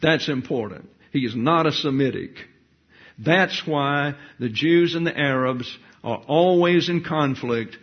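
A man teaching a Bible study in sermon style, reading scripture aloud with deliberate emphasis. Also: a little high, highs cut off.

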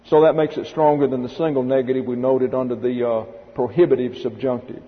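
A man's voice: medium pitch, little pitch movement, brisk. A man teaching Greek grammar in a methodical classroom lecture, spelling words out letter by letter. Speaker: Bible teacher. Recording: dull lo-fi recording with long hall reverb.

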